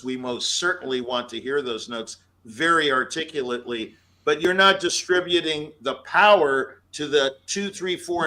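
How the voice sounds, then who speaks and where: Man, pianist on an audition panel, high-ish bright voice, emphatic coaching with scatted melodies. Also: low-quality recording. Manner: emphatic, scats melodies aloud. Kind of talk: spoken feedback to a performer.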